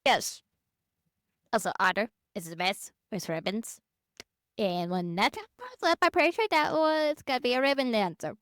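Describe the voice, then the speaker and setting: A woman's voice: a little high, animated, moderate pace, fairly bright tone, no echo, clean studio sound. A young woman co-hosting a podcast in casual chat, blunt and rambling, swearing freely. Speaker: podcast co-host.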